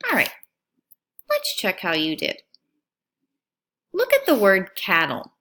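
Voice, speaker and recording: Slow, lively-voiced woman teaching children. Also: mid-range voice. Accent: American. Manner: slow, clear, sing-song teacher voice stretching out words. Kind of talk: recorded phonics lesson for children.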